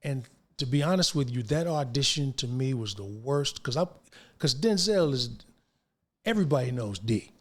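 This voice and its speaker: A man's voice: medium pitch, moderate pace. An older man, a guest actor, telling stories in a casual interview and acting out the lines of people he quotes in slangy speech. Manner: animated, acts out quoted dialogue, slangy.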